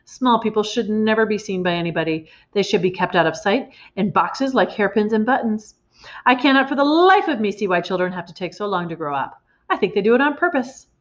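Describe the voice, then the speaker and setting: Reading from a storybook, a woman voices a huge, bullying headmistress who bellows insults and drips with sarcasm, sounding outraged. Her natural voice is medium-pitched, animated and a little fast, and the recording is slightly muffled.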